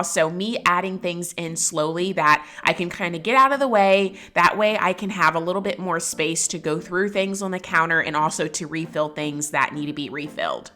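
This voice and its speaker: Young female home vlogger, casual upbeat chatter, bright tone. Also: fairly low pitch. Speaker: lifestyle vlogger. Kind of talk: casual voice-over narration. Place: home pantry and kitchen.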